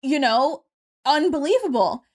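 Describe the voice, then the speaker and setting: A young adult woman co-hosting a podcast, casually recapping a movie with lively quoted voices and the odd swear word. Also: high voice, measured pace. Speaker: podcast co-host.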